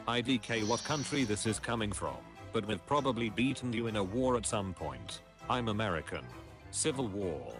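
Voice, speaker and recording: A man with a lowish voice reads meme captions aloud on a casual stream, his pitch swinging widely as he delivers each joke. Music plays clearly behind him. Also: normal speed. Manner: reads captions aloud, drops into deadpan low voices for punchlines. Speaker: streamer reading memes aloud.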